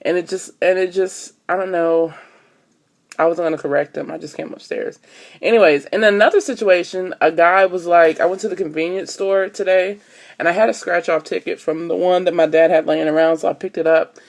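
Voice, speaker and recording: A woman's voice: on the low side, fairly even intonation, fairly quick. Chatty young woman. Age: 20s. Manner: chatty storyteller, many ums and "so look". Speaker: vlogger. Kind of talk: casual chat to camera. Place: at home, upstairs room.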